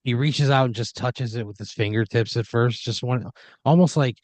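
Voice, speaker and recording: A man's voice: mid-range voice, normal speed, dry recording. A man narrating an improvised comedy scenario in a loose, rambling way. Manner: rambling, loose narration with fillers, puts on voices for characters. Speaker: host.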